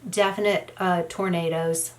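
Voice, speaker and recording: Rambling woman with a low voice. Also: fairly even intonation, a little slow. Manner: rambling, lots of "you know" fillers. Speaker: beauty vlogger. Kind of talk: casual storytelling while doing makeup.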